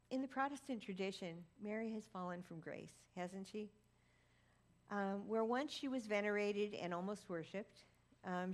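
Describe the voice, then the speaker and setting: A woman preaches a sermon in a fairly low voice. She tells a personal story with dry, self-aware humor. Her delivery stays conversational and unhurried. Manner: recites Latin prayer.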